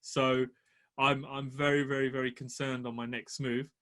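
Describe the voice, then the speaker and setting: A man, a property podcast co-host telling a story in an animated, laughing way. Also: medium pitch, moderate pace. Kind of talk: casual storytelling.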